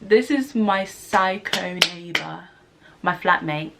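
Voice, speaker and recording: A young woman, telling an animated storytime vlog and acting out the voices she quotes. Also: lowish voice, slow, creaky, heavy background noise. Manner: animated, acts out screams and quotes. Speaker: vlogger. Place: student flat room.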